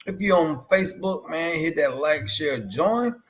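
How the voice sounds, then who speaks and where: A man's voice: fairly high pitch, expressive. A man co-hosting a wrestling watch-along livestream, joking casually and tagging lines with "boy" and "man". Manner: joking, drawn-out slang, repeated "boy" and "man".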